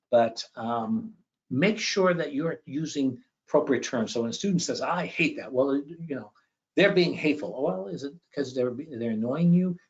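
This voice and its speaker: A man giving an educational presentation with slides, conversational and often checking in with a quick "okay?". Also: mid-range voice. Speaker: education speaker. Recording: dull lo-fi recording.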